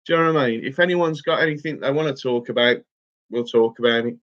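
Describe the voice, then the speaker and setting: Male streamer, casual friendly chat, mid pitch, slightly dull lo-fi audio. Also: quick pace, a bit bright. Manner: chatty, emotional, says mate a lot. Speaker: fishing livestream host. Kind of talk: casual livestream chat reading comments.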